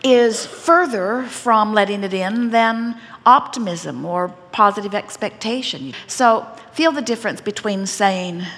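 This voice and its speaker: A woman giving an inspirational seminar talk to a live audience, speaking as a collective "we" in a deliberate, gently teasing manner. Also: medium pitch, a little hiss or hum. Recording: long hall reverb.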